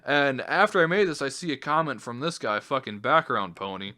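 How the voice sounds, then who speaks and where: Male vlogger, sharp bright tone, swears constantly, fed-up rant over a screen recording. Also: medium pitch, fairly quick. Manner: heavily profane, exasperated. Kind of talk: angry ranting commentary.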